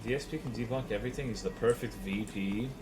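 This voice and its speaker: A man streams a video game and chats casually with his viewers, trading profane, joking banter. His voice is on the low side and he talks fast, with a noisy background.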